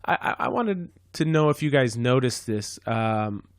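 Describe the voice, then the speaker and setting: A man hosting a casual podcast chat, talking in a rambling, halting way full of restarts. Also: medium pitch, animated, dry recording, clean studio sound. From San Diego, California. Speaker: podcast host.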